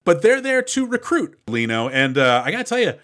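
A man's voice: high-pitched, very animated, fairly quick, a bit bright. A man co-hosting a podcast, chatting casually about a movie and laughing easily as he talks. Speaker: podcast co-host. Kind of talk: casual movie-review chat.

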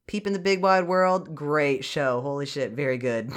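An animated, jokey podcast host in casual chat who swears a lot. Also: medium pitch, moderate pace.

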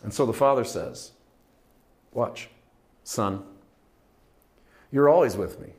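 A middle-aged man preaching a sermon, telling a parable with lively storytelling and acting out its characters. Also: medium pitch, slow. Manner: animated storytelling, acting out characters, rising to shouts. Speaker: pastor.

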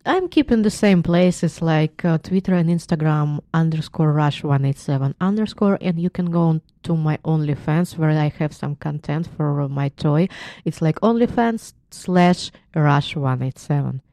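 A woman guest on talk radio with a very low, gravelly voice and a dark tone, recorded dry. She rattles off her handles quickly. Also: no echo. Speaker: studio guest.

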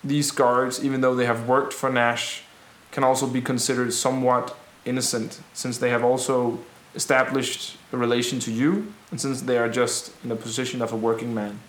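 A man voicing a male rebel leader who calmly addresses frightened townsfolk in a tabletop game, speaking slowly and deliberately. His words come across clearly. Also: mid-range voice, echoey room, lightly acted. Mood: earnest, reassuring.

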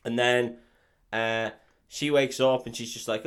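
A man's voice: medium pitch, little pitch movement, a little slow, a bit bright, smooth. Casual man recapping a film. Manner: swears freely, retells scenes in quoted voices. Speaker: podcast co-host.

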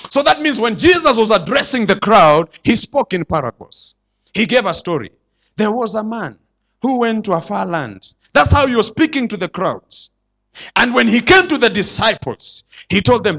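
A man preaching a sermon to his church, swinging between loud declarations and hushed asides. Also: sits high, big pitch swings, normal speed. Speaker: pastor.

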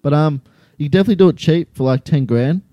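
A young man with an Australian accent, chatting casually as an interview guest, relaxed and full of fillers. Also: on the high side, fast talker, no room sound, lo-fi sound. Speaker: guest, skydiving student.

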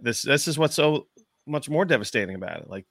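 A man co-hosting a fantasy football podcast in casual chat, rambling and animated and swearing often. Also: a little high, a little fast, dry recording.

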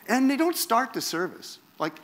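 A man's voice: very high voice, moderate pace. A man from Canada, preaching a personal testimony in a wry, self-mocking storytelling manner. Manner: animated, wry, self-mocking storyteller who acts out quotes.

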